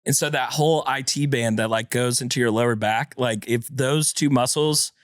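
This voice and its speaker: A man co-hosting a podcast with a congested chest, telling a story in casual chat and acting out quotes in a shrill voice. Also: moderate pace, dry recording, clean studio sound. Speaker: podcast co-host.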